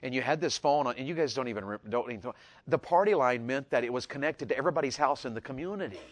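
A man telling a folksy personal story, animated and repetitive, rising to loud peaks. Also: medium pitch, fast talker. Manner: animated, repeats words, builds to loud peaks. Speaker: storyteller speaker.

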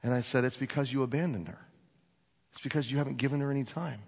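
Man in a pulpit, husky gravel in the voice, telling a story with lots of acted dialogue, long hall echo. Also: mid-range voice, quick pace. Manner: animated storyteller acting out dialogue. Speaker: pastor. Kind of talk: sermon storytelling. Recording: long reverb of a large hall.

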